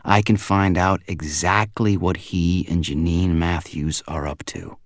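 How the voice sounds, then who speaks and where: Male audiobook narrator, very low voice, quiet measured first-person read, dry close booth sound. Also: fairly even intonation, no room sound.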